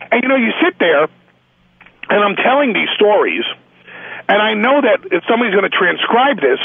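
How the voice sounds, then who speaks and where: A man telling stories as a guest on a phone call, animated, with frequent stammered restarts. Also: high voice, vocal fry, breathy edge, no echo. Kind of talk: casual phone interview anecdote. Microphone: telephone. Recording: tinny phone line.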